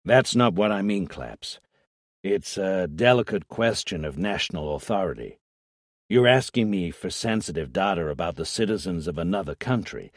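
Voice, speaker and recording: A man's voice: sits low, expressive, normal speed, dry recording, clean studio sound. A man voicing a reluctant, formal federal agent who chooses his words carefully. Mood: guarded. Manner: hesitant, formal.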